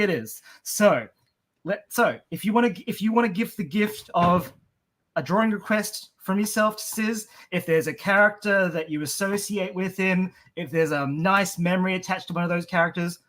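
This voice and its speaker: A man's voice: high-pitched, a bit bright. A man hosting a live stream and drawing for viewers, chatty and upbeat, often tripping over his words. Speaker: stream co-host and artist. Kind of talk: casual live-stream chat.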